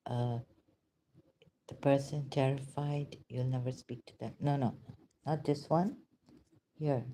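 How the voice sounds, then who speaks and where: A woman speaking haltingly and emotionally in an unscripted reflection, often dropping to a whisper. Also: extremely low pitch, steady tone, dark tone. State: emotional, overwhelmed. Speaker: vlogger.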